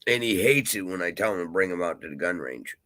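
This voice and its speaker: A man's voice: sits low, expressive, quick pace, fairly bright tone, dry recording, low-quality recording. A man rambling and swearing freely in a casual vlog monologue. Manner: profane, rambling, grumbling. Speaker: vlogger.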